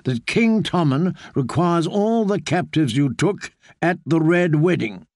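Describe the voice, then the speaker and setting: A man's voice: on the high side, animated, measured pace, darkish tone, dry recording, pitched above the performer's own voice. A man voicing a weary, dry-witted lord commander in an audiobook. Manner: dry, mild.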